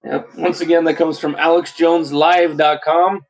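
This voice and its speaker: A man hosting a casual podcast, reading posts aloud with relaxed, jokey asides. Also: fairly high pitch, normal speed, low-quality recording. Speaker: podcast host.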